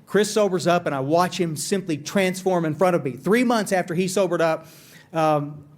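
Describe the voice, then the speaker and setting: A man's voice: sits high, normal speed. A middle-aged man, giving a candid, self-deprecating recovery talk to a conference audience. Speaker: AA speaker. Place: conference hall.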